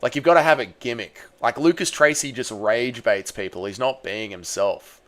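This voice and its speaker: A young Australian man on a livestream, chatting with viewers, reading their messages, swearing freely and shouting at a fight as it unfolds. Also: medium pitch, moderate pace. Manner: swears freely, reads chat aloud, yells at the fight. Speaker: streamer. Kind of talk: casual livestream chat and fight reaction.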